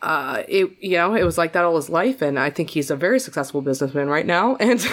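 Low-voiced woman telling a personal story. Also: fast. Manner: emotional personal storytelling, full of fillers and restarts; jumps to a much higher, more animated voice when quoting people. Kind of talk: casual podcast conversation.

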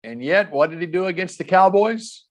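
Lively man in a sports chat. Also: sits high, moderate pace. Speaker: sports show co-host. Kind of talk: casual sports talk.

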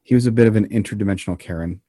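A man co-hosting a podcast, telling an odd story in a casual, meandering way with deadpan jokes. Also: lowish voice, very fast, no echo, clean studio sound. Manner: deadpan joking, meandering with frequent ums.

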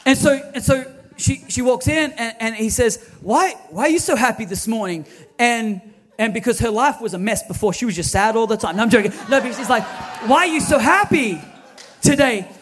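A man's voice: very high voice, lively intonation, normal speed, long pauses, faint music behind, a faint crowd. A man, preaching a sermon as lead pastor, telling stories animatedly with quoted dialogue.

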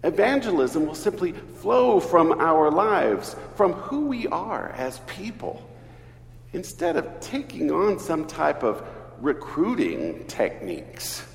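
A man, an Episcopal priest, preaching a sermon in an earnest, measured way. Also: a little high, gravelly. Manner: slow, earnest preaching with lively emphasis. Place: church. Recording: echoey church hall, distant mic.

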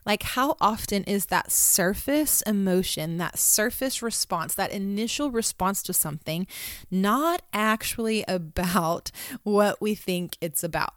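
A mother in her thirties tells a family story in reflective personal talk, earnest and conversational, with many ums and restarts. Her mid-range voice is fairly bright and measured in pace, recorded at studio quality with no room sound.

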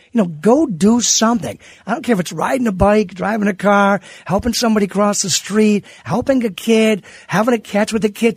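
Middle-aged man, radio guest, high husky voice, dry sound, emphatic delivery. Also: no echo. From United States. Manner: animated, emphatic, repeats words when restarting. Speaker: teacher and author, guest. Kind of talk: radio interview guest, casual chat.

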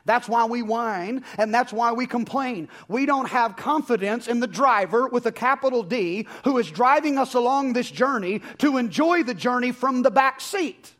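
High-voiced man preaching a sermon. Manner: conversational preaching, rhetorical questions. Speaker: pastor.

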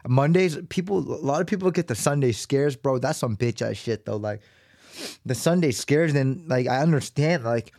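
Thirties male podcast host, mid-pitched, loose and profane, close dry mic. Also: normal speed, vocal fry, a little mellow, dry recording. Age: 30s. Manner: loose, profane, rambling with many fillers. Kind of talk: solo podcast monologue.

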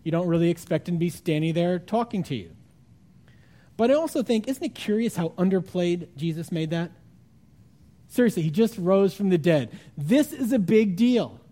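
A man preaching a sermon, retelling a story with animated, acted-out voices and sudden drops to a hushed tone. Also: sits high. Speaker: pastor.

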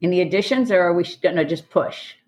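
A woman who teaches karate, hosting a casual group conversation on a podcast, enthusiastic and quick to laugh. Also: on the low side, darkish tone. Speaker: karate instructor and podcast host.

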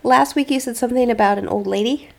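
A woman's voice: on the high side, quick pace, creaky. A woman co-hosting a podcast in casual chat, playful and teasing, with dramatic little asides. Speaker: podcast co-host.

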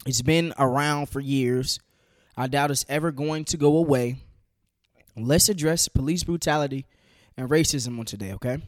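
A man in his twenties hosting a solo podcast, talking in a conversational, slangy way that climbs sharply in pitch when he gets heated. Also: no echo, studio quality. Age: 20s. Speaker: podcast host.

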